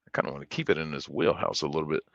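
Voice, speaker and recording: A man's voice: very deep voice, flat delivery, very fast, gravelly, dry recording, muffled recording. A man streaming, telling rambling stories with lots of swearing and fillers. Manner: profane, rambling, with many fillers. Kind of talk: casual storytelling chat.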